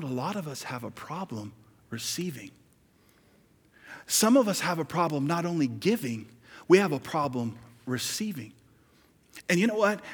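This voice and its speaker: Animated male preacher in a reverberant hall. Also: on the high side, breathy edge. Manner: animated, conversational preaching with rising emphasis. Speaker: pastor. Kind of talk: sermon.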